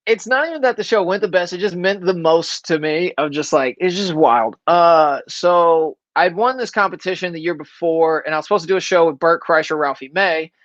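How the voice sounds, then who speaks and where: A man's voice: fairly high pitch, brisk, few pauses, fairly bright tone, no echo, highs cut off. A male stand-up comedian from Florida telling anecdotes in casual chat, acting out quoted lines along the way.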